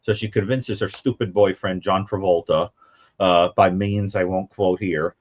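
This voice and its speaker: A man co-hosts a call-in show, chatting casually about horror films at a measured pace. He's an animated storyteller, acting out quotes in high mimicking voices. The recording is muffled, with no echo.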